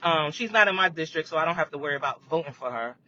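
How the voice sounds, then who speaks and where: A man's voice: lively intonation, quick pace, sharp tone. A man hosting a casual live chat, rambling about current events and checking in with viewers with "you know what I mean". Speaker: livestream host. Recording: muffled lo-fi audio with faint rumble.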